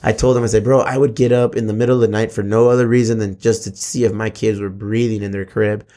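A laid-back man, talking casually as a podcast co-host. His voice sits fairly low, and he swears freely and keeps calling people bro. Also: flat delivery, fast, dark tone. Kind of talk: casual chat.

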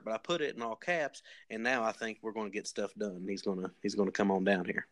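A man's voice: lowish voice, fast talker. Folksy Kentucky man, rambling. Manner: rambling, folksy, deadpan tall tales with many restarts. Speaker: podcast guest posing as a communication expert. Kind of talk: comedic podcast banter.

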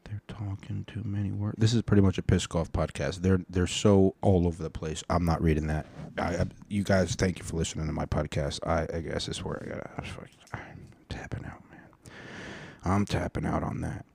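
A man's voice: deep voice, steady tone, a little fast, vocal fry, a little mellow, a little hiss or hum. A man hosting his own podcast in casual solo commentary, rambling and profane, with frequent restarts. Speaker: podcast host.

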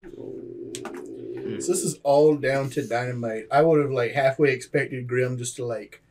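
A man's voice: mid-range voice, steady tone, a little slow, creaky, darkish tone, poor audio. A man playing a tabletop game, adding dry quips. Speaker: player. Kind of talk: casual game chat.

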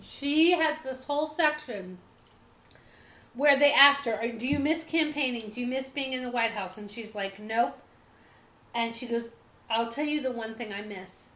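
A woman co-hosting a casual chat, emotional and talking fast in bursts. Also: on the high side, a bit bright. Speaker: podcast co-host. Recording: echoey room.

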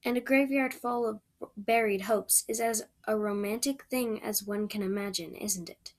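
A woman's voice: medium pitch, moderate pace, natural voice. A woman voicing a chatty, dreamy eleven-year-old red-haired girl who gushes in romantic chatter. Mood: gushing, dreamy. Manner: breathless, gushing, romantic chatter.

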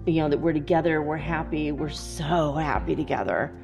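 A woman's voice: normal speed, creaky, over music. A young woman telling a story in a casual monologue, dreamy and full of "like" fillers. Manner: dreamy, many "like" fillers, quotes others in a higher voice. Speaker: spiritual vlogger.

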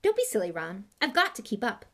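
Hermione, a woman doing a squeaky schoolgirl witch. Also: big pitch swings, brisk. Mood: brisk. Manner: high, squeaky, tearful at times. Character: girl witch student, clever and bossy.

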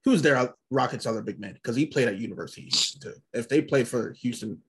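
A man co-hosting a podcast, talking sports in a halting way with frequent restarts and swearing. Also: mid-range voice, breathy edge. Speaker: podcast co-host. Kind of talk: casual sports chat.

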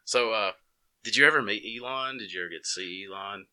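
A man's voice: fairly low pitch, fairly quick, pushed and bright. A man from Alabama with an Alabama accent, chatting in an easygoing way and laughing often. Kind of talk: casual chat.

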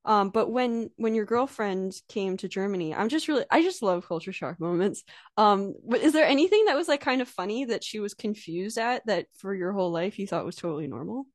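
A woman's voice: medium pitch, lively intonation, fairly quick, dry recording, clean studio sound. An American woman hosting a casual interview, chatty and giggly with lots of filler words. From United States. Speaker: podcast host.

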